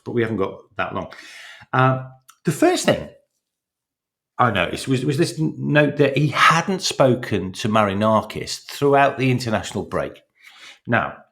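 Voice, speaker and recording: Animated man on a football podcast. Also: medium pitch. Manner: animated, stumbles and repeats words. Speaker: podcast co-host. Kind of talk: casual football podcast chat.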